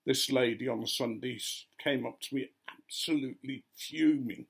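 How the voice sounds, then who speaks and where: A man's voice: medium pitch, normal speed, creaky, hardly any pauses, slightly rough. An older man, a retired vicar, telling a story casually and acting out the voices of the people in it. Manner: gently amused, acting out quoted voices.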